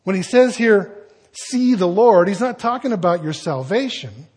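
A middle-aged pastor preaching a sermon, husky, emphatic, slowing down and rising on key words. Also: male voice, high-pitched, expressive, a little mellow.

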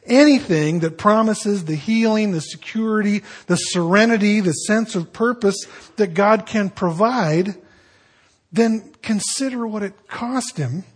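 An older male pastor with a husky, fairly high voice, preaching in a candid, confessional way. He slips back and forth between lively emphasis and quiet reflection. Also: a little slow. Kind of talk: sermon.

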